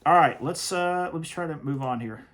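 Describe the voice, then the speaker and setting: A man's voice: a little high, normal speed. A man hosting a commentary show, talking in an emphatic, stern way and often repeating himself. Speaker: host reviewing worship music. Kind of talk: opinionated commentary.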